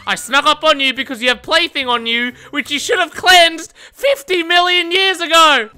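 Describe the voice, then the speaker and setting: A woman giving excitable gameplay commentary, swearing, laughing often and mocking herself. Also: high-pitched, normal speed. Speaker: gaming content creator.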